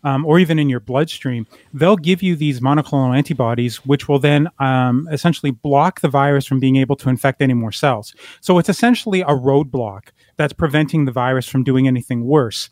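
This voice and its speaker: A man explaining science as a radio guest, his voice going hoarse and interrupted by coughing. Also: mid-range voice, darkish tone, no room sound, studio quality. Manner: explanatory, measured.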